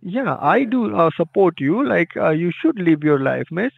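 A man on a phone call, hesitant and polite, filling pauses with 'uh' while reassuring. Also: sits high, big pitch swings, vocal fry, no room sound. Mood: placating. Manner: hesitant, polite, many fillers. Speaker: phone scammer. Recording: tinny phone line.

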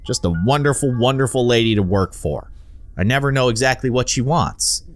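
A man's voice: medium pitch, fairly quick. A young man hosting a gameplay video, chatting playfully and amusing himself. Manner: playful, self-amused, chatty with repeated restarts. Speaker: gaming video host. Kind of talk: let's play commentary.

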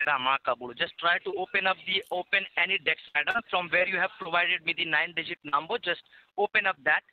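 A man's voice: sits high, fast. A man on a phone call, pleading and repeatedly saying "madam". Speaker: scam caller. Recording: tinny phone line.

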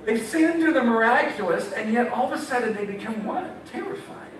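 High-voiced young American male preacher, jokey and animated, heard from afar in a big echoing room with an audience. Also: fast. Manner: playful, joking, laughing often, acting out voices. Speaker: campus ministry speaker. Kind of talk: sermon. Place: meeting hall with audience. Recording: echoey hall, mic far off, audience.

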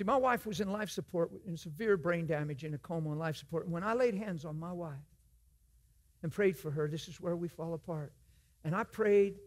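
High-voiced man preaching with wide swings. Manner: swings from hushed whispers to loud shouted emphasis; acts out conversations in other voices. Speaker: guest preacher. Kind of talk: sermon. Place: church.

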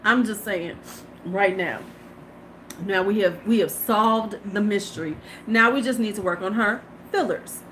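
A woman's voice: medium pitch, a little slow, fairly bright tone, a little hiss or hum. A woman in her fifties, a beauty vlogger hosting a live stream, chatting casually, laughing and greeting her viewers. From United States.

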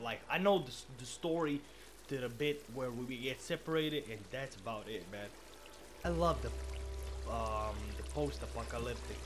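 A gaming channel host with a mid-range voice gives live commentary over game soundtrack music and background noise. He's excitable and swears a lot, shouting in sudden loud bursts and calling viewers and game characters "bro" and "man."

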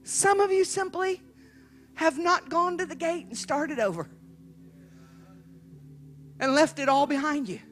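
A woman evangelist preaching a sermon as a dramatic story, swinging from hushed telling to emphatic shouting. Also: high voice, unhurried, long pauses.

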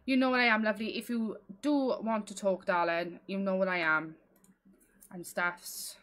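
A woman's voice: medium pitch, steady tone, normal speed, a bit bright. A woman livestreaming a video game, chatting casually and giggling, calling people lovely. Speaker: gaming livestreamer.

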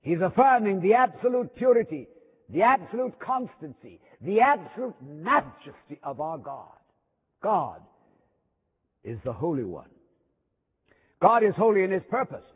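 Male preacher, husky voice, emphatic delivery, dramatic pauses, chapel sermon, thin tinny recording. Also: high-pitched, sing-song. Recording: thin phone-like sound with long hall reverb.

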